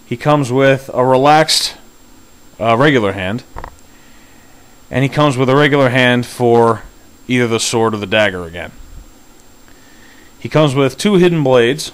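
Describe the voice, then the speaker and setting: A man's voice: medium pitch, measured pace, long pauses, clear, resonant tone. Easygoing man chatting through a figure review. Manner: chatty and easygoing, explaining as he handles items. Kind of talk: casual product review vlog.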